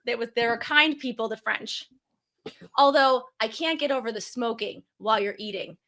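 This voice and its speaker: A woman from New York co-hosting a podcast in casual chat, talkative and often dropping to a soft, low-key voice. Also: normal speed. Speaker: podcast co-host.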